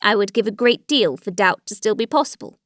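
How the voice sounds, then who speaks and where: A woman's voice: medium pitch, lively intonation, a bit bright, no room sound, clean studio sound, natural voice. A woman reading a cold, formal aristocratic husband. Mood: bitter. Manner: measured and formal, turning bitter.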